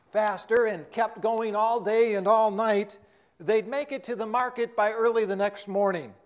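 A preacher with a fairly high voice for a man tells a parable-style story and then preaches from scripture. He speaks earnestly and steadily, addressing a congregation. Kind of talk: sermon with story narration.

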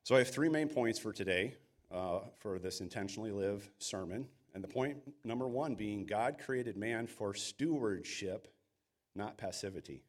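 Guy preaching a sermon, kinda low voice, earnest and emphatic, does little quote voices. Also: animated, normal speed. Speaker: pastor.

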